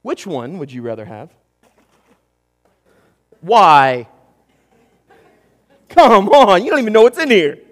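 A man preaching a sermon in an animated way, acting out quotes and talking straight to his audience. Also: high voice, slow pace, long pauses, in a large hall. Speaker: pastor.

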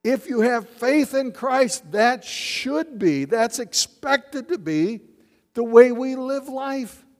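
Pastor, male, high voice, slow sermon delivery, church with long reverb. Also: lively intonation. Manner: preaching with questions to the congregation. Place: church sanctuary.

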